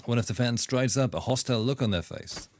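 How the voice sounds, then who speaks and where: A man's voice: mid-range voice, a little fast. A male streamer reading a game story aloud, with occasional laughing asides. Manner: reads narration evenly, laughs at jokes.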